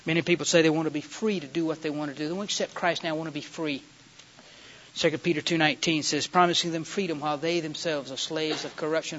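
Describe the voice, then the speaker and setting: A man's voice: on the high side, steady tone, fast, a bit bright. A man preaching a sermon, telling Bible stories in a folksy way and building to emphatic peaks. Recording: dull lo-fi sound.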